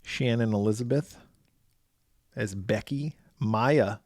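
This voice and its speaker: Reading through a movie's cast on the horror podcast he co-hosts, this man tosses in jokey asides and laughs frequently in casual chat. His fairly low voice is slow and slightly mellow, and the studio sound is clean with no echo.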